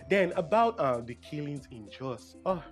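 A young Nigerian man chats casually in a solo monologue, getting emotional and frequently correcting himself partway through sentences. His voice is slightly high and sing-song, and he speaks unhurriedly with faint music in the background.

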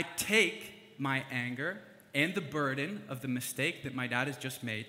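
A young man preaching a casual sermon, chatty and animated, with fillers and asides. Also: medium pitch, normal speed, hardly any pauses. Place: church hall. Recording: long hall reverb.

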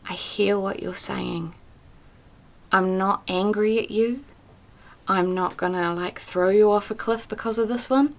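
A woman voicing God as a gentle, patient figure who reassures a weary prophet, speaking softly and quietly. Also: lowish voice, steady tone, moderate pace, vocal fry, pauses often.

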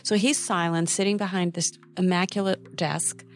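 Interviewed about her own life, a middle-aged textile designer and writer recounts a story with energy and frankness, tossing in quick asides. She speaks at a fairly low pitch.

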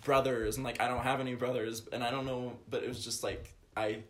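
A man's voice: medium pitch, level tone, brisk. A young man co-hosting a podcast, speaking casually and hesitantly with many fillers. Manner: hesitant, lots of fillers and restarts. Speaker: podcast co-host. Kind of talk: casual chat.

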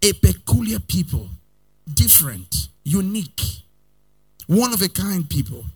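A male pastor preaching a sermon, swinging between loud outbursts and quiet asides, sometimes in a sing-song cadence and calling on his listeners to repeat after him. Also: high-pitched, very animated, unhurried, breathy edge, soft background music. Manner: calls the congregation to repeat lines after him.

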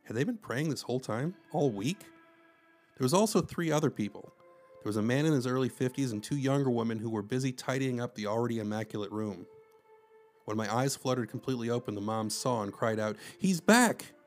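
A man's voice: medium pitch, fairly quick, a little mellow, soft background music. A man narrating a first-person story with wry, conversational asides.

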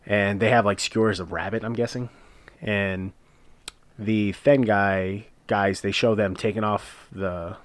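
A man's voice: fairly low pitch, steady tone, unhurried, no room sound. A man casually recapping a TV episode, retelling scenes step by step with frequent uhs. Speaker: podcast co-host recapping a TV episode. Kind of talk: casual chat.

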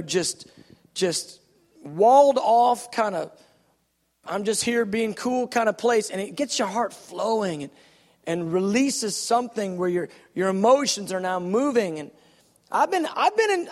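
A man's voice: high-pitched, big-room sound. A man preaching a sermon in a church, emphatic and repeating his phrases as he builds a point. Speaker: pastor. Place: church sanctuary.

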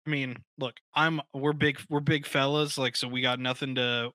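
A man co-hosting a comedy podcast, talking in a halting, chummy way full of fillers. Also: medium pitch, flat delivery, pushed and bright, no echo. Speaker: podcast co-host. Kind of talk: casual comedic chat.

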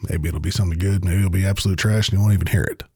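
A man with a gravelly, rough-edged voice talks on his own as a podcast host. His delivery is blunt and full of swearing, yet earnest and reflective. The sound is close and dry, with no room around it. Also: deep voice, rapid-fire, darkish tone, dry recording. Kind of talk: casual solo monologue.

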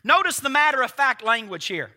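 A man's voice: very high voice, sing-song, fairly quick, pushed and bright. A man preaching a sermon emphatically, firing rhetorical questions at his congregation. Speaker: pastor.

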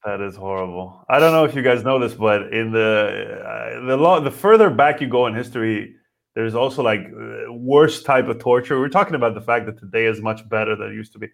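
A man's voice: fairly low pitch, a little fast, creaky. A man co-hosting a casual chat, rambling along with lots of fillers. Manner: rambling, chatty, full of fillers. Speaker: podcast co-host.

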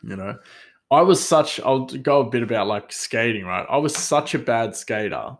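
A man's voice: medium pitch, animated, moderate pace. A man telling a casual, rambling story with many fillers, self-mocking and often laughing.

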